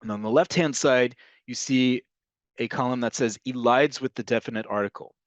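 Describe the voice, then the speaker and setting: A man teaching an online language lesson, explaining slowly and repeating each example. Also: mid-range voice, no room sound. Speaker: Hebrew teacher.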